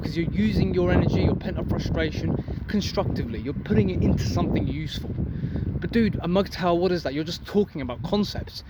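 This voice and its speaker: High-voiced man ranting by busy traffic. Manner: intense, profane, preachy. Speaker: vlogger. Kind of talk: blunt motivational rant. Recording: loud street traffic noise.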